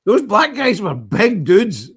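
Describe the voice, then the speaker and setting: A man's voice: sits high, huge pitch swings, slow pace, slightly rough. A man hosting a livestream, talking in a blunt, emphatic, repetitive way. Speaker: streamer host. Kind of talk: casual livestream monologue.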